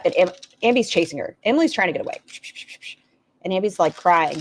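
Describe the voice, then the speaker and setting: A woman's voice: lowish voice, expressive, fast talker, long pauses. A woman hosting a reaction video, making sarcastic, profane asides. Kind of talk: casual commentary.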